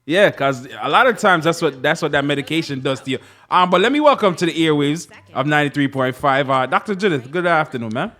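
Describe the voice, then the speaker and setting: A man with a Caribbean English accent hosting a radio show in a studio, chatting jovially and reading out an advertiser's phone number slowly. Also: on the high side, lively intonation, sharp tone. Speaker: radio host. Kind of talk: casual radio talk with ad reads.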